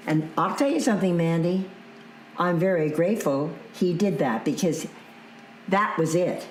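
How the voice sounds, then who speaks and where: Animated storyteller woman in her eighties. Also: on the low side, moderate pace, reverberant, slight background noise, rough recording. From Canada. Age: 80s. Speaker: interview guest, veteran actress. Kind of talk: telling a personal story in a casual interview.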